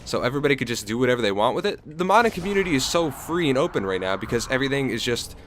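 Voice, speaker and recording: A young man from the United States talks over his game in a loose, rambling way, piling up fillers and restarts. His voice sits at an ordinary middle pitch. It sounds like casual gameplay commentary. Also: big pitch swings, rapid-fire, a bit bright, a little hiss or hum. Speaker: gaming YouTuber.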